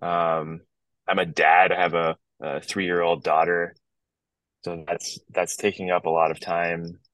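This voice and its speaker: Deep-voiced man chatting on a video call. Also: measured pace, dry recording, poor audio. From Northern Ontario, Canada. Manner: relaxed, rambling with many restarts. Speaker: guest musician. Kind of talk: casual podcast chat. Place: outdoors in his backyard.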